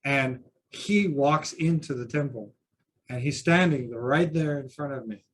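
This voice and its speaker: A Buddhist teacher in a seminar room tells anecdotes to a group, his mid-range voice moving a little slowly over a slight hiss or hum. His storytelling is self-deprecating, woven into the discussion.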